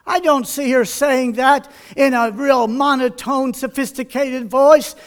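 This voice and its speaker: High-voiced impassioned male preacher. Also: fairly even intonation, a little slow. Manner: impassioned, swinging from hushed to shouting. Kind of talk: sermon.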